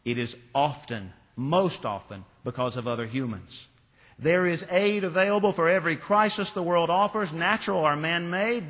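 A man preaching a sermon as pastor, telling stories in a measured, deliberate way. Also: a little high, a bit bright, big-room sound. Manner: measured, storytelling delivery.

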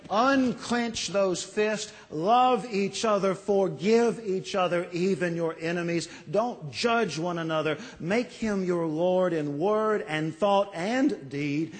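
A man delivers a sermon from the pulpit, unhurried and emphatic, his voice sitting slightly high. He leans into key phrases, then lets them sink to a hush. The sound rings with the long reverb of a church hall. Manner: slow, emphatic preaching with dramatic pauses and soft trailing endings. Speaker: pastor.

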